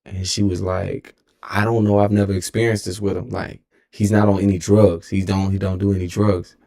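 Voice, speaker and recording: Streamer, Texan man, twenties, deep gravelly voice, loose profane storytelling. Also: little pitch movement, moderate pace, dark tone. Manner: rambling and profane, with frequent self-corrections. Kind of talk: casual storytelling.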